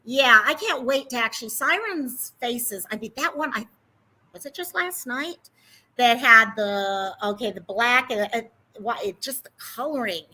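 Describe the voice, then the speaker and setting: A woman's voice: fairly high pitch, bright, forceful tone, low-quality recording. A woman hosting a casual livestream, chatty and rambling as she greets viewers by name. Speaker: livestream host.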